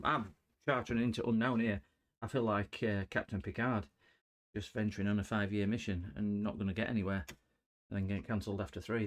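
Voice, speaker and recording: Chatty low-voiced man, joking. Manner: chatty, joking with chat viewers, punny. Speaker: livestream host repairing electronics. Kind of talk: casual live-stream chat.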